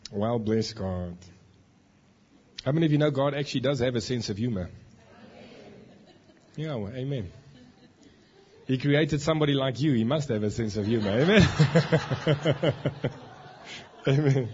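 A man preaching a lively sermon in a church, joking and teasing the congregation as he demonstrates a point. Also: medium pitch, dull audio, a little hiss or hum. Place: church hall.

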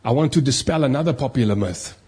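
Husky-voiced preacher, rhetorical and emphatic. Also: male voice, mid-range voice, animated, fast talker, darkish tone. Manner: preachy, rhetorical questions, acts out complaining voices. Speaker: pastor. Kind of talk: sermon.

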